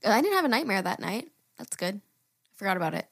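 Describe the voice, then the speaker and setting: A young woman co-hosting a casual podcast, animated, laughing often and swearing freely. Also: mid-range voice, brisk, creaky, dry recording, studio quality. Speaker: podcast co-host, daughter-in-law. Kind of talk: casual chat.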